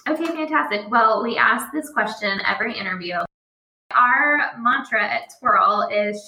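A woman's voice: on the high side, measured pace, creaky, bright, forceful tone. A woman hosting a casual interview, bubbly and laughing often. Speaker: podcast host. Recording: echoey room, faint noise.

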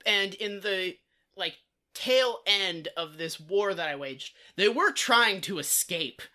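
A man on a comedy podcast with a bright, forceful tone, spinning a loose, swear-heavy anecdote. He leans on "like" and trails off mid-thought in a casual, offhand chat. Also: sits high, animated, takes it slowly. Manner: profane, rambling, many "like" fillers. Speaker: podcast co-host.

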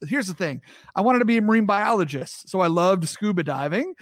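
A man's voice: high-pitched, expressive, brisk, no echo, clean studio sound. A man in his thirties from the US East Coast, hosting a casual show and joking with his chat in an upbeat way. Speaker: podcast host.

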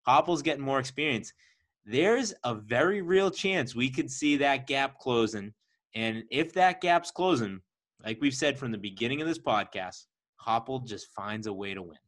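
A man co-hosting a sports podcast, making his points with lively repetition. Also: medium pitch, normal speed. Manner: animated, repeats points for emphasis. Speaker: podcast co-host. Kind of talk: casual podcast chat.

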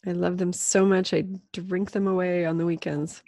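A woman in her thirties, a mother, co-hosting a podcast in casual chat, self-doubting and quick to laugh. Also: lowish voice, little pitch movement, mellow, no echo. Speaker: podcast co-host.

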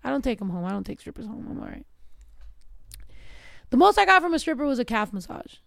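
A woman's voice: on the high side, very animated, fast talker, creaky, no room sound, clean studio sound. A woman co-hosting a podcast, telling brash, profane stories in casual slang-filled chat. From Mexican heritage. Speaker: podcast co-host.

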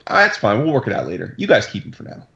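A man's voice: lowish voice, huge pitch swings, very fast, creaky, fairly bright tone, highs cut off, exaggerated voice. A man voicing a cheery, passive-aggressive male diplomat who talks in a breezy, slangy way.

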